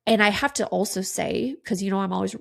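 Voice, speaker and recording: Woman, 30s, podcast host, candid and sweary, gravelly tone, tearful and sniffly. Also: medium pitch, fairly quick, a bit bright. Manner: candid, swears freely, lots of "like". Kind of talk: casual solo podcast talk.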